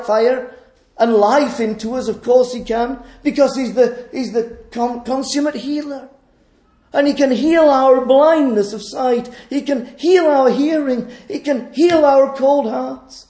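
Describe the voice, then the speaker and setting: A man preaching a sermon in an earnest way, asking rhetorical questions and moving between loud and hushed delivery. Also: very high-pitched, echoey room.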